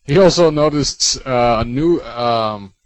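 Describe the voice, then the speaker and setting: A man's voice: mid-range voice, slow, a little hiss or hum, low-quality recording. Podcast co-host guy, ordinary voice, rambles through listener mail with lots of uhs. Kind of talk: casual podcast chat.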